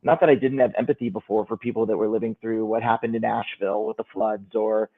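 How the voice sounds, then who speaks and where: A man's voice: on the low side, fairly even intonation, fast. A middle-aged man, a guest calling in from a hotel room, speaking earnestly and reflectively in a casual chat. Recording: tinny phone-like call audio.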